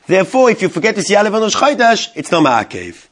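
Guy a high voice teaching halacha to a class, translating the hebrew as he goes, lots of questions to the room. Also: big pitch swings, quick pace. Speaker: Torah teacher. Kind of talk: Talmudic-style halacha class.

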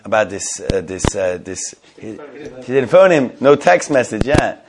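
A male teacher telling a story to a class, animated, with many restarts, stopping to quiz students. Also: lowish voice, a little slow, heavy background noise.

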